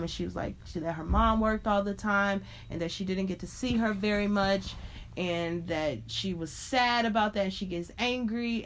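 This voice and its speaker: A woman from Chicago, in her thirties, talks as a guest on a podcast. She tells her stories with lots of animation, acting out what people said and laughing along the way. Her voice sits at an ordinary middle pitch. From Chicago, USA. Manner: animated, expressive storyteller who laughs often and acts out quotes. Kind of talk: casual storytelling interview.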